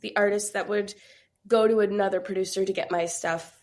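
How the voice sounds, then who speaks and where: A woman's voice: mid-range voice, fairly even intonation, fairly quick, darkish tone. A woman from Georgia in the US, a musician guest in a casual interview, chatty with lots of fillers and laughs, sounding sick and congested. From Georgia, USA.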